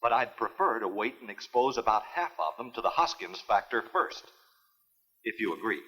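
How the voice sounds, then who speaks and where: An absent-minded geneticist in a 1950s film, dry and distracted. His husky voice swings widely in pitch, even when he is being curt. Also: normal speed, exaggerated voice, poor audio. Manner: dry, distracted and matter-of-fact. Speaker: lab assistant.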